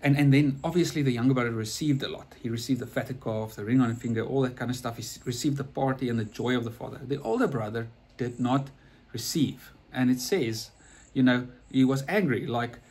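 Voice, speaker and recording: A man's voice: medium pitch, a little fast, darkish tone, husky. A man preaching a sermon in a conversational, storytelling way, earnest and often repeating or restarting his words.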